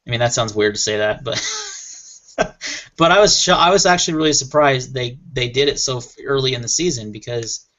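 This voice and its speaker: Man, casual panel chat, enthusiastic, rambling, average pitch, dull lo-fi sound. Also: brisk, a bit bright. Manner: rambling, enthusiastic, laughs often. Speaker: panel member on a gear chat show. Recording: muffled lo-fi audio.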